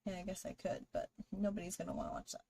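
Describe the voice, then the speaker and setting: A woman's voice: medium pitch, level tone, quick pace, warm tone, a little hiss or hum. A woman hosting a live drawing stream, chatting casually with viewers and greeting them while she draws. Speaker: livestream artist host.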